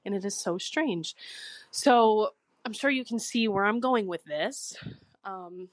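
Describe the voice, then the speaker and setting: A woman's voice: mid-range voice, slow, no echo. A young woman telling a cringe story in a chatty, exasperated way, as a recorded voice message to a podcast. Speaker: listener sending in a story.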